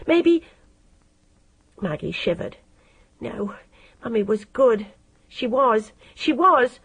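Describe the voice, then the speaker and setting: Husky woman reading a novel aloud. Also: a little high, rough recording. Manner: steady, measured reading. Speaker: audiobook narrator. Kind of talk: scripted narration.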